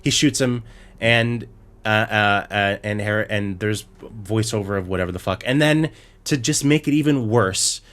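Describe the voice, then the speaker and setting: A man with a fairly low voice co-hosts a casual podcast. He retells a show in an exasperated, swearing rant and keeps stumbling and restarting his sentences. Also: measured pace, fairly bright tone. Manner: profane, exasperated ranting with many restarts. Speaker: podcast co-host.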